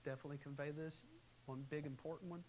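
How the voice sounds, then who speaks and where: A man preaching a sermon in a church, animated, shifting between quiet, calm advice and loud, acted-out quotes. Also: on the high side, quick pace, poor audio. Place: church sanctuary. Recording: faint hiss, live church recording.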